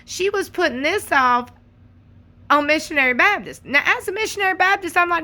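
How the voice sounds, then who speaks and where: Sassy woman with a bright voice. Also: very high voice, a little fast. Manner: sassy, animated, talks straight to viewers. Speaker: commentary channel host. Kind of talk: casual reaction commentary.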